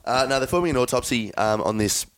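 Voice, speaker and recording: Lively crude-joking male podcast co-host. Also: mid-range voice, fast. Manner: crude joking, rambling with many fillers. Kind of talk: casual chat.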